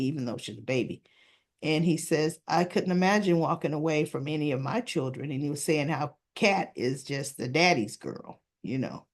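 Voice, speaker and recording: A woman casually recapping soap opera episodes, chatty and animated, briefly mimicking characters and sometimes searching for words. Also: sits low. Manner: searches for words with restarts and fillers.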